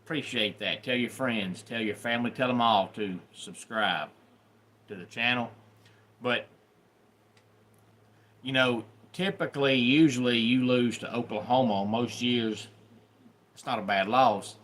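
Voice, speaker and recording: A man from the Deep South with a Southern accent, hosting a casual live stream, chatting about college football and greeting viewers by name. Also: measured pace, pauses often, fairly bright tone. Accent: Southern American. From Deep South, USA. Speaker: livestream host.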